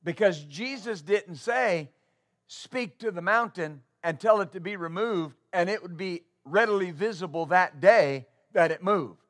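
A man preaching a sermon as pastor, asking rhetorical questions and building to loud, stressed points. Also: sits high. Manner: halting with uh fillers when starting.

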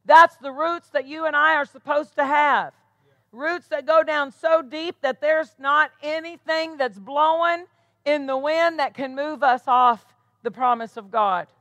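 A woman's voice: high voice, measured pace, fairly bright tone, no echo. A woman pastor preaching a sermon, emphatic and calling out rhetorical questions to her congregation.

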